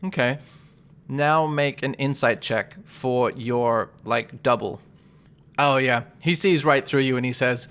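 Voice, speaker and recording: A man serving as game master for a tabletop game, with a bright, forceful voice at a mid pitch. He narrates combat casually and rambles, leaning on fillers as he works out rolls. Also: steady tone, a little slow, clear, resonant tone. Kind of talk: running a tabletop game over voice chat.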